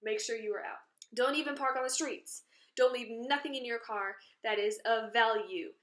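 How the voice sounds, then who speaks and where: A woman casually telling a story about something that happened to her, in an indignant, animated way. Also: a little high, normal speed. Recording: roomy echo.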